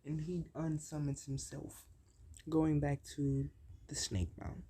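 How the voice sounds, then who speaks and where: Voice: mid-range voice, little pitch movement, unhurried, mellow, slightly rough. A young adult casually retelling an invented anime story, rambling and hesitant, restarting sentences and making up names as they go. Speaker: fan storyteller.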